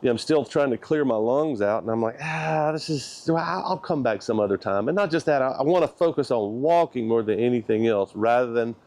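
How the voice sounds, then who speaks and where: A man's voice: medium pitch, darkish tone, dry recording. Reflective man, dry close sound. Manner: halting, thoughtful, many restarts. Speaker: vlogger. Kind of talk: reflective personal update. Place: outdoors, walking.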